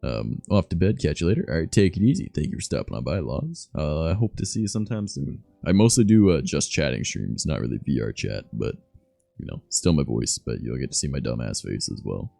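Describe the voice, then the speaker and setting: Very deep, gravelly-voiced young man streaming. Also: sing-song, fairly quick, no room sound, faint music behind. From Southern Ontario, Canada. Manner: soft-spoken, loose and swearing. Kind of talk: casual stream chat.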